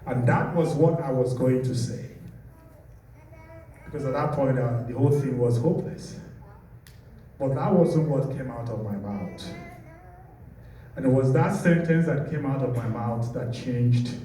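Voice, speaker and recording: Slow, deep-toned Nigerian man in an echoey room. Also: dark tone, slight background noise. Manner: measured, deliberate storytelling. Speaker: speaker giving a personal testimony. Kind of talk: storytelling testimony. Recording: echoey room, distant mic.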